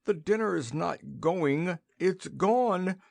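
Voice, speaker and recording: Gloomy flustered general done by a man, breathless, doleful, high, dry sound. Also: animated, very slow, creaky, a little mellow, dry recording, exaggerated voice. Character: flustered, gloomy, food-loving male general.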